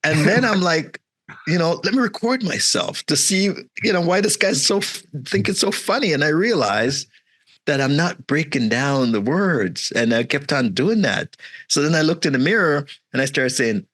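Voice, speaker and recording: A man's voice: fairly high pitch, moderate pace. A middle-aged man from Jamaica, a guest entrepreneur, telling stories in a casual interview and acting out other people's voices. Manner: animated, acts out quoted voices, frequent "right?" and "man".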